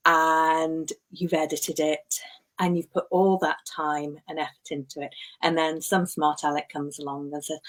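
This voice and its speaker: A woman's voice: low-pitched, level tone, a little slow. A woman with a slight lisp, co-hosting a casual chat about writing as a story coach, chatty and self-mocking.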